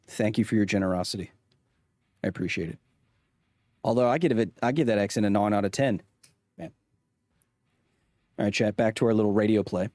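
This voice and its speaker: A man's voice: on the low side, moderate pace, long pauses, darkish tone, dry recording, clean studio sound. A man hosting a live-streamed podcast, talking wryly to his chat and reading testimony aloud with many restarts. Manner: wry, talks straight to chat, frequent restarts. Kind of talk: casual livestream chat and read-aloud of testimony.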